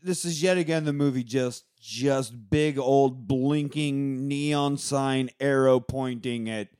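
A man's voice: mid-range voice, slow pace, a little mellow, clear, resonant tone, no echo. Dry-sounding man recapping a movie. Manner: recaps scenes with mocking paraphrase. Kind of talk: casual movie commentary chat.

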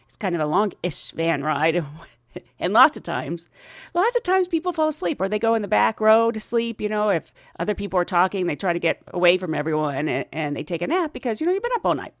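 Animated woman telling funny stories. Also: medium pitch, brisk, dry recording, studio quality. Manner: animated, laughs often, acts out quoted voices. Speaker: podcast host, flight attendant. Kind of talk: casual storytelling.

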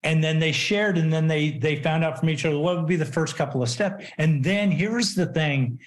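Podcast guest, middle-aged man, slightly high voice, animated storyteller who acts out quotes. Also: moderate pace. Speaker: podcast guest, business consultant. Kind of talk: casual interview storytelling.

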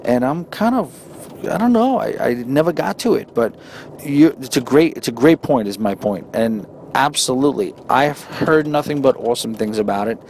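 A man's voice: animated, moderate pace, a little mellow. A man with a New York accent hosting a casual solo podcast, chatting in a rambling way with many restarts and reading out listener emails. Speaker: podcast host. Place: on a moving train. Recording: faint train noise behind. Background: faint train rumble.

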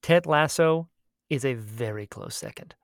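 Male co-host, casual and enthusiastic, mid-range pitch, dry studio sound. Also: measured pace, dry recording. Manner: enthusiastic, gushing recommendations, many "like" fillers. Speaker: podcast co-host. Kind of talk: casual chat.

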